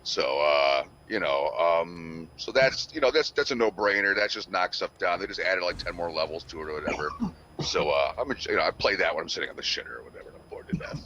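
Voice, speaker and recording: A man with a very deep voice chats loosely on a podcast, padding his talk with fillers and crude words. There is a faint noise under the recording. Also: expressive, fairly quick, pushed and bright, highs cut off. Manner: rambling, many fillers and swearing. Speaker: podcast co-host. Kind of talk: casual chat.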